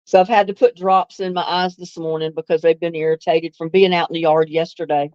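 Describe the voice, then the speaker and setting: A woman's voice: fairly low pitch, steady tone, brisk, a little mellow, no echo, muffled recording. A woman hosts a casual live stream, chatting easily with viewers and laughing often. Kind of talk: casual live chat answering viewer comments.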